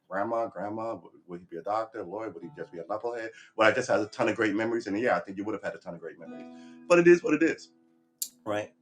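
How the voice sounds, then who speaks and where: Rambling blunt man ranting on a livestream. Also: fairly low pitch. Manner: rambling and blunt, with frequent restarts and profanity. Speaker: livestream host. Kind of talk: casual opinion monologue.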